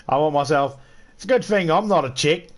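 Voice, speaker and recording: A man with an Australian accent, streaming a game and ranting crudely with lots of swearing. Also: fairly high pitch. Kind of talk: casual gaming livestream rant.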